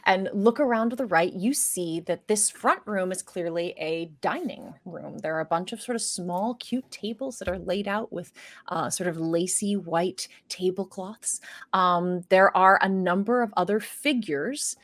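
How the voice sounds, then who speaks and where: A woman's voice: lowish voice, unhurried. A woman running a tabletop horror game as game master, describing scenes with plenty of fillers.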